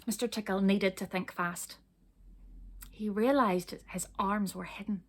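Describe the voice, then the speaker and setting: Lady reading a kids' story out loud, lively, asks the kids questions. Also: medium pitch, a little slow. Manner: expressive, asks the listeners questions. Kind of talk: reading a children's storybook aloud.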